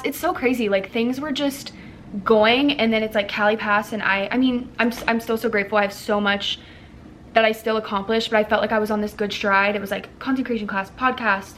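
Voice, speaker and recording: A woman's voice: a little high, a bit bright, slight background noise. A woman in her thirties, a content creator, chatting casually to camera in a rambling, filler-heavy way. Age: 30s. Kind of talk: casual chat.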